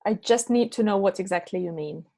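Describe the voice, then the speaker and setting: A woman's voice: mid-range voice, fairly quick, mellow. Patient woman teacher on a call. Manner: patient, checks understanding with "yeah?" and "okay?". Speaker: English teacher. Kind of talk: answering chat questions after an online lesson. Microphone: online meeting microphone.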